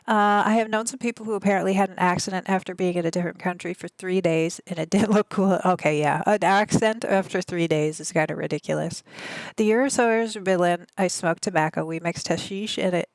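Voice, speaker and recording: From her home gaming desk, a woman in her thirties with a Midwestern American accent chats casually with her live stream audience, rambling and reading chat aloud. Her voice is on the low side, and the recording is dry.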